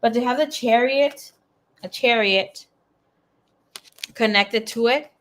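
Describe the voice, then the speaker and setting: Chatty, blunt woman reading tarot. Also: mid-range voice. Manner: chatty, blunt, swears freely. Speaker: tarot reader.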